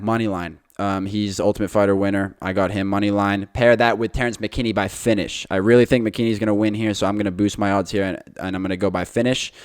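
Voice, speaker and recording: Chatty man with a low voice. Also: no echo, clean studio sound. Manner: confident, chatty, addresses listeners as guys. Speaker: podcast host. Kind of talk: casual betting picks monologue.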